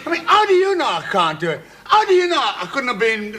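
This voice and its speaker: An actor playing an argumentative young man in a 1970s television sitcom, firing back quick retorts. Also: extremely high pitch, huge pitch swings, exaggerated voice. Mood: arguing. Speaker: sitcom character. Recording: hissy old television recording.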